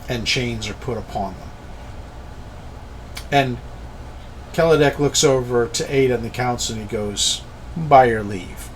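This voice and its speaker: Slow-talking man game master. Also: mid-range voice, fairly bright tone, slight background noise. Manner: slow, descriptive storytelling. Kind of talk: narrating a tabletop game.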